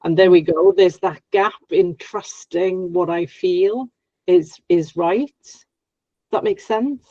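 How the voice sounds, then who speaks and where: A woman's voice: fairly low pitch, takes it slowly, warm tone, no room sound. A woman client asking a spiritual coach questions, hesitant and stammering over her words. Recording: dull, dry video-call audio.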